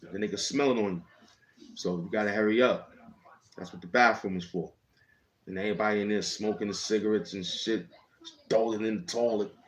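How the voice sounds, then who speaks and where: A man with a somewhat low voice tells a story from his own life in a loose, slangy way. He rambles, circles back, and keeps checking in with "you know what I'm saying". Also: steady tone, a little fast, long pauses, slight background noise, low-quality recording. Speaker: channel host telling a personal story. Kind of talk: casual storytelling.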